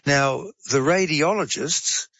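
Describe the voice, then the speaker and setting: A man's voice: on the high side, slow pace, a bit bright, dry recording. Male guest, conversational explainer, dry, dull lo-fi sound. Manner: chatty, digressive, uses fillers and asides. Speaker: guest explaining medical science. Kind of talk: casual explanatory storytelling.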